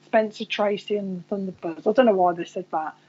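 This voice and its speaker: A woman's voice: mid-range voice, fairly quick, darkish tone. Woman medium doing a live stream reading, rambly and chatty, talks to folks by name, kinda muffled lo-fi sound.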